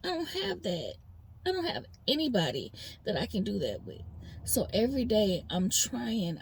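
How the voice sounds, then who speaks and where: A woman's voice: mid-range voice, wildly swooping pitch, unhurried, vocal fry, a little mellow, husky. A woman vlogger venting in a rambling personal monologue, talking straight to her viewers.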